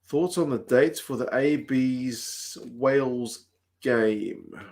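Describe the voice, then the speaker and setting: A New Zealand man hosting a livestream, chatting casually and answering viewer comments aloud in a relaxed, talkative way. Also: medium pitch, takes it slowly. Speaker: livestream host. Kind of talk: casual chat reading comments.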